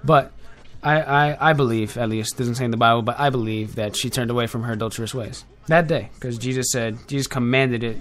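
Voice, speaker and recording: A man's voice: medium pitch, fairly even intonation, a little fast, hardly any pauses, fairly bright tone. A young man with an ordinary mid-range voice hosts a loose online radio chat. He rambles, breaks off and corrects himself as he goes. He speaks to his listeners directly and informally. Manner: rambling, with frequent self-corrections and filler. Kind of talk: casual off-the-cuff talk show. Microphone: headphones with a desk mic.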